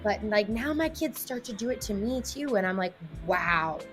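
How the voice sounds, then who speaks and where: A woman's voice: medium pitch, animated, normal speed, over music. A woman guest talking candidly in an interview, emotional and rambling, with many fillers. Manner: emotional, rambling, heavy use of "like" and "you know". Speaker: guest, athlete and mother.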